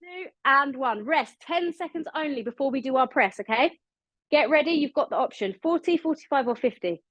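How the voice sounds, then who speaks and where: Upbeat high-voiced British fitness instructor. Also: female voice, animated, normal speed, no echo, lo-fi sound. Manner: upbeat, encouraging, counts down reps. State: slightly out of breath. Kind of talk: live online exercise class coaching.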